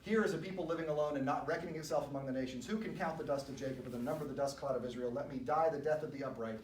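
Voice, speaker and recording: A man's voice: medium pitch, very fast, a little mellow, close to an everyday voice. Solemn old prophet declaiming; man reading scripture aloud, roomy distant sound. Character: old male prophet proclaiming an oracle. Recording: echoey room, distant mic, faint noise.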